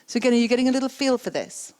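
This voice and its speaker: A woman's voice: fairly high pitch, expressive, very fast, a little mellow. A woman giving an interactive keynote on coaching. She repeats the audience's words back and asks them questions. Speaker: keynote speaker and coaching trainer. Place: conference stage.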